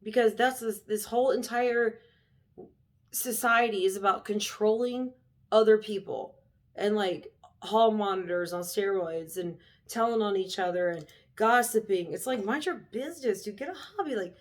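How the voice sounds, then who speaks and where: A woman's voice: medium pitch, normal speed. A young adult woman vlogging, ranting bluntly and heatedly in a casual, profane way. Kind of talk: casual rant to camera.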